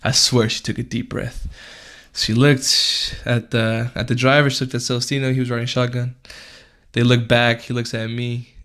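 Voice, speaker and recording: A man's voice: medium pitch, flat delivery, moderate pace, a bit bright. A young man hosting a podcast, telling a story in a casual, laid-back way, full of slang and swearing. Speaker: podcast host.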